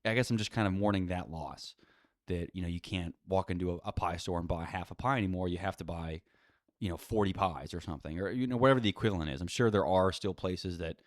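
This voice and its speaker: A man's voice: sits low, fast, no echo, clean studio sound. A man ranting casually and at length on his own podcast, exasperated and profane, full of "you know" and "like". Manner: rambling, profane, exasperated, many fillers. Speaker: podcast host. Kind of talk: casual solo rant.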